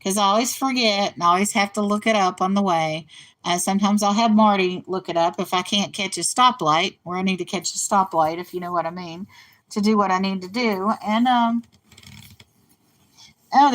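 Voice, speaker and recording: A woman's voice: mid-range voice, moderate pace, a bit bright. An older woman from West Virginia with a slight accent, rambling through casual stories as a show host. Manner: rambling storyteller, laughs at own stories. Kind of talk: casual monologue. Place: in a car.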